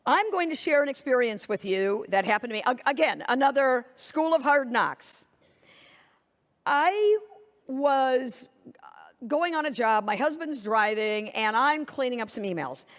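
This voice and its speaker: A woman giving a storytelling keynote speech, acting out her own lines and others' with lively shifts in tone. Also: measured pace. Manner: animated, acts out dialogue with shifting pitch. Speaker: keynote speaker. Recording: reverberant hall.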